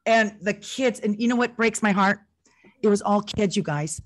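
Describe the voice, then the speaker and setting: A woman co-hosting a casual chat, excitable and acting out what people said. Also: mid-range voice, normal speed. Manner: chatty, excitable, acts out quotes. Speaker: co-host.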